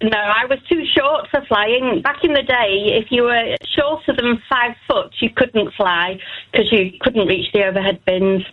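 An older retired woman calling in to a radio show, halting and repeating words as she explains. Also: a little high. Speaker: caller. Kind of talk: phone-in chat. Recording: dull lo-fi phone line.

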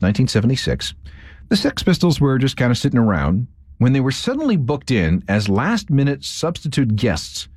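A man's voice: fairly low pitch, a little mellow, no echo, clean studio sound. A man narrating a scripted radio history segment, telling the story and acting out quotes. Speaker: radio host.

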